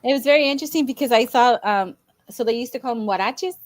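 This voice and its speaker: A woman's voice: fairly high pitch, fast talker, no room sound. Chatty woman with a dry, close sound. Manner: chatty, excited, full of "I was like". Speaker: co-host medium. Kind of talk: casual chat.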